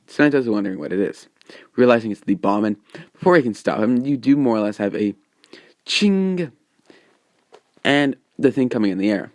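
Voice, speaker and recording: A man's voice: lowish voice, darkish tone, no room sound, studio quality. A man casually retelling a fan story, rambling with lots of fillers.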